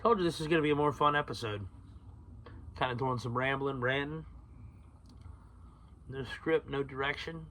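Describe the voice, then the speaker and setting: A man's voice: medium pitch, normal speed, pauses often, fairly bright tone, slight background noise. A man hosting a solo podcast, rambling through tangents, swearing freely and laughing at himself. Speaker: podcast host.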